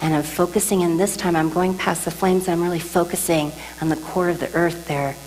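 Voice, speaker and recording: A woman telling an audience about her near-death experience, animated and emotional, often asking the listeners questions and dropping to a whisper. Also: fairly low pitch, fairly quick. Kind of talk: emotional testimony talk. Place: large hall with an audience. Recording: reverberant hall, faint mains hum.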